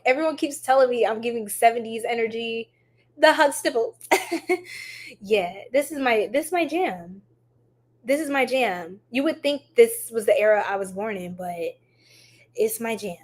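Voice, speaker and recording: A woman hosting a livestream tarot reading, chatting affectionately with viewers and reading their comments aloud. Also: fairly high pitch. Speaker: tarot reader livestream host.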